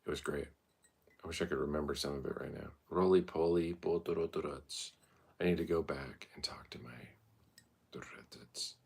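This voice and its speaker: A man's voice: rumbling low, steady tone, fast talker, gravelly, a little mellow, breathy edge. A man telling rambling, profane, stream-of-consciousness stories in a casual monologue.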